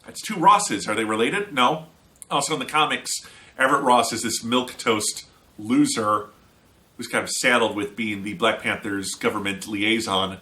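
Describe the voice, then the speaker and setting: A man's voice: medium pitch, pushed and bright. A man giving a casual, opinionated spoken movie review with an American accent and sarcastic asides.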